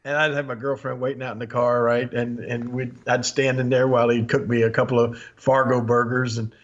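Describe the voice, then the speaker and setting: A man's voice: medium pitch, a little fast. Chuckling Southern storyteller in his sixties. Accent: Southern American. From Memphis, USA. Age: 60s. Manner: chuckles often, animated, acts out quotes. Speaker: podcast host. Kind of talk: anecdotal storytelling. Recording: dull lo-fi podcast audio.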